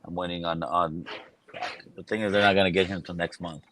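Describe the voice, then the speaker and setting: A man hosting a casual backyard podcast chat, swearing freely and laughing loudly. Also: low-pitched, fairly even intonation, brisk, background noise. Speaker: podcast host.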